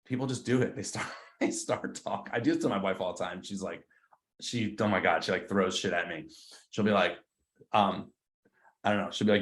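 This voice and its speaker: A man's voice: low voice, moderate pace. Casual man training a team in a roomy space. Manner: casual, slangy, acts out both sides of phone calls. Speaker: real estate team trainer. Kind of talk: live team training talk. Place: meeting room with a group. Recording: roomy echo.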